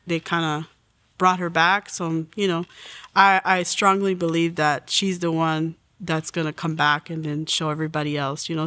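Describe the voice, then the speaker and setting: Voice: mid-range voice, a bit bright, clean tone, no echo. An adult in their forties telling a personal faith story in an earnest way, acting out the lines they quote. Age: 40s. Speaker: testimony guest.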